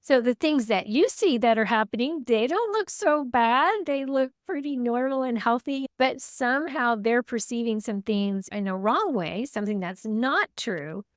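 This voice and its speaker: A woman's voice: on the high side, expressive, normal speed, few pauses, no echo, studio quality. A woman hosting a podcast interview, affirming her guest and reflecting on what she said. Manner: warm affirming listener, reflective. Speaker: podcast host.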